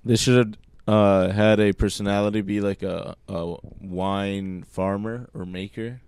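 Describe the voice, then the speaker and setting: Low smooth-voiced man chatting casually. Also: fairly even intonation, unhurried, a little mellow, no echo. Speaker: podcast co-host. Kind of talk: casual chat.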